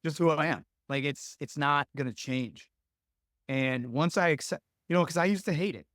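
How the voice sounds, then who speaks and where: A man's voice: fairly high pitch, moderate pace, fairly bright tone, no echo, clean studio sound. A young adult man telling coaching stories in casual podcast talk, earnest and rambling with many fillers. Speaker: lacrosse coach, podcast guest.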